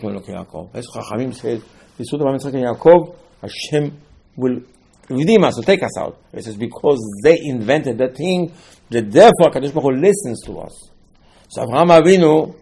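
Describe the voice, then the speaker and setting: Husky man teaching a Torah sermon. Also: medium pitch, a little mellow. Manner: storytelling, acts out dialogues with rising emphasis. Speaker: rabbi.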